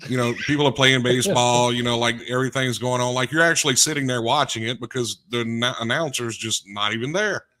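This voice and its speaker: A man with a deep voice chats casually on a podcast, telling stories and joking along. His pitch sits in the middle range. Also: brisk, few pauses, pushed and bright. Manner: storytelling, joking. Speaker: co-host.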